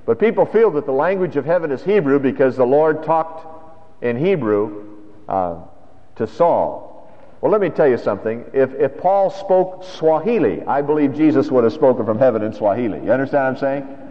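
A pastor delivers a sermon in a reverberant hall, his medium-pitched voice lively and his pace moderate. He preaches conversationally, tossing out rhetorical questions. The recording is dull and lo-fi, with a long hall reverb.

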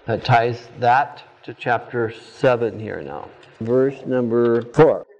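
A man's voice: mid-range voice, takes it slowly, darkish tone. Man quizzing a Bible class, lo-fi. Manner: quizzes the class with pointed questions. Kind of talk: Bible study lecture.

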